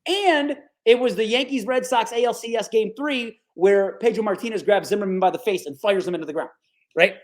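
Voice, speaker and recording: Guesting on a podcast, a forties-aged sportscaster from the Capital Region of upstate New York spins casual stories for his interviewer. His voice is high and a little fast. He's lively, acts out the people he quotes, and leans on "dude" and "right?" a lot.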